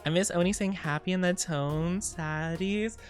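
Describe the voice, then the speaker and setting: A man's voice: sits high, a little slow, soft background music. A young man streaming, chatting casually in a bubbly, rambling way, reading chat aloud and giggling often.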